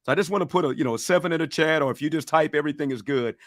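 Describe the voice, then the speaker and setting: A man with a Southern accent coaches a livestream audience with fired-up, preacher-like motivational teaching, urging them to respond. His voice is a little high and very fast, recorded in studio quality with no echo.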